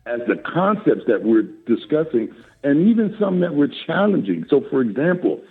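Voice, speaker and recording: An older man speaks over a tinny phone line, his voice a little high, gravelly and husky. His pitch swings up and down as he talks in a lively, preacherly way. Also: moderate pace. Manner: animated, preacherly, laughs often. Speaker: guest. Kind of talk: casual chat.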